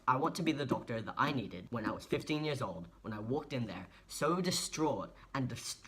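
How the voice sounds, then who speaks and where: A man's voice: medium pitch, a bit bright. A young man, speaking earnestly and emotionally in a personal vlog monologue. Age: 20s. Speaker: vlogger.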